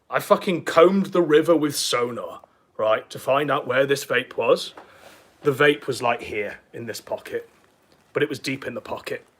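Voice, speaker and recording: A man commenting on a video in a loud, crude, mocking way, swearing often and out of breath. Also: mid-range voice. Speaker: streamer watching and mocking a video. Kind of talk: casual profane commentary.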